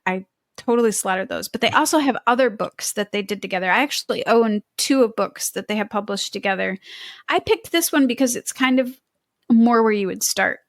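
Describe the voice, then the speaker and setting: A woman's voice: medium pitch, animated, fairly quick, dry recording, clean studio sound. A woman co-hosting a podcast in casual chat, talking in a chatty, enthusiastic way and poking fun at herself. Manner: chatty, enthusiastic, self-deprecating. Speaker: podcast co-host.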